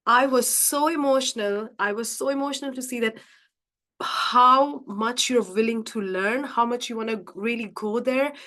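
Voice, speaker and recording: Woman, mindset coach hosting a live session, slightly higher voice, gushing and repetitive, talks straight to her audience. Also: normal speed. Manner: effusive and warm, repeats phrases for emphasis; addresses the audience directly as guys. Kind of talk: live-streamed coaching talk.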